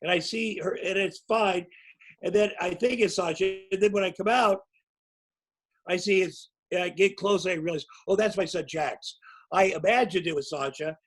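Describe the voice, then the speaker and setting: A man in his sixties with a notably high voice spins loose, rambling anecdotes as a guest. He tells them casually and pokes fun at himself as he goes. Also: normal speed, rough recording. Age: 60s. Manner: rambling, anecdotal, self-mocking. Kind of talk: casual storytelling.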